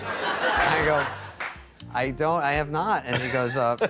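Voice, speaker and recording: Deadpan man telling a halting anecdote. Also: fairly high pitch, over loud music. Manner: deadpan, halting storytelling with quoted dialogue. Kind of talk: anecdote on a talk show.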